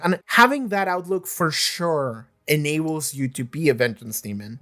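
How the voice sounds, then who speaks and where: A young man hosting a reaction video, talking casually and earnestly with lots of "like" fillers, restarts and the odd curse word. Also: fairly high pitch. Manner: rambling, filler-heavy, frequent "like", restarts; animated, earnest retelling with occasional swearing. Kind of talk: casual commentary on a TV episode.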